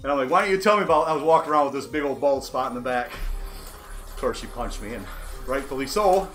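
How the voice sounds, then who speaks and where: A man's voice: mid-range voice, fast. A man in his forties hosting a livestream from an indoor bike trainer, rambling candidly and poking fun at himself. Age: 40s. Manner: candid, self-deprecating, wry. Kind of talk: casual rambling monologue. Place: indoor cycling setup. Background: faint background music.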